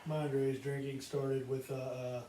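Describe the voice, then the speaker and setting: A man's voice: medium pitch, monotone, normal speed, mellow. A man co-hosting a casual wrestling talk show, telling stories full of swearing and laughter. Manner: profane, laughing storyteller. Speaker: podcast co-host. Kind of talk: casual chat. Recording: roomy echo, distant mic.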